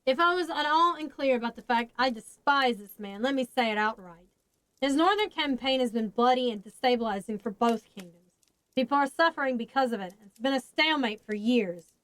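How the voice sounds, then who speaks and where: A woman's voice: a little high, lively intonation, a little fast, fairly bright tone, no echo, low-quality recording. A woman voicing a weary, blunt grown man in a storybook reading, talking plainly.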